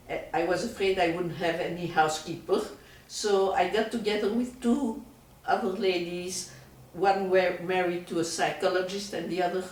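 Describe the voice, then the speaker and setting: An older woman from Europe, a retired doctor, giving an oral history interview in slow, digressive, reflective stories. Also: lowish voice, recorded from a distance. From Europe, France and Belgium. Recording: roomy echo, voice from off-mic.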